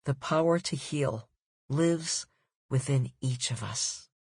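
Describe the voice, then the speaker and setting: Slow, measured woman reading an audiobook. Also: rumbling low, a little mellow, slightly rough, no room sound, studio quality. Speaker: author reading her own book. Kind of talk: nonfiction audiobook narration.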